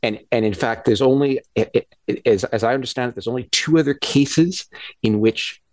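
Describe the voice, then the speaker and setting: A man speaking as a guest scientist in a radio interview, explaining ideas in a halting way with frequent restarts and repeated words. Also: mid-range voice, darkish tone, dry recording. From Canada.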